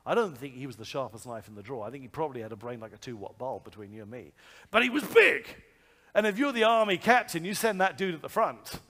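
A man preaching a sermon, telling a story in a lively, conversational way full of asides and rhetorical questions. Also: mid-range voice, quick pace. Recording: long hall reverb.

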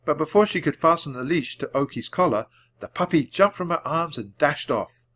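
A man reading a children's chapter book aloud, clearly and deliberately, for language learners. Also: fairly high pitch, lively intonation, a bit bright. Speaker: storybook reader. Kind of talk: storybook read-aloud.

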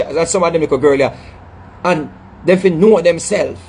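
With slight background noise, a middle-aged dancehall artist with a Jamaican accent delivers a very animated, impassioned monologue to his audience, scolding emphatically, repeating himself and tripping over words. His voice is a little high and a little mellow, at normal speed.

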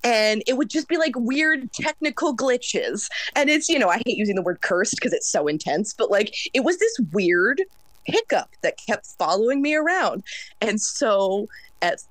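Thirties woman from the East Coast, singer guest; quick, loud, intense delivery, dry recording. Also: a little high, lively intonation, no echo. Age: 30s. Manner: fast, loud and intense, by her own words. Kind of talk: casual interview chat.

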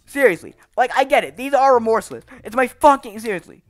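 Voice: medium pitch, expressive, a little fast, few pauses, fairly bright tone, soft background music. A gaming channel host giving gameplay commentary, frustrated and swearing, with raging outbursts.

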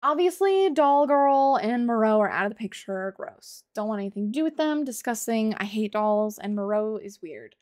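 A woman's voice: fairly high pitch, animated, normal speed, hardly any pauses, darkish tone, dry recording, clean studio sound. A woman live-streaming a game, chatting to viewers, swearing freely and laughing often.

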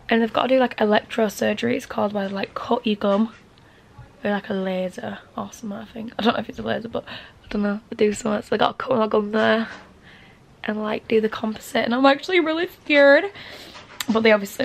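A woman's voice: on the high side, vocal fry. A young woman in her twenties with a Northern English accent, chatting casually to camera in a rambling vlog, full of fillers. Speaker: vlogger.

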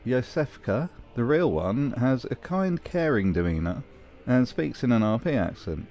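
A man's voice: medium pitch, big pitch swings, unhurried, darkish tone, faint music behind. A man giving wry, scripted commentary on a video game. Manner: dry, wry. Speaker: video essayist.

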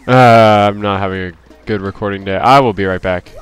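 A man's voice: lowish voice, a little fast, smooth. A man giving casual, rambling, self-deprecating commentary while playing a video game and reading characters' lines aloud. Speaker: let's play host.

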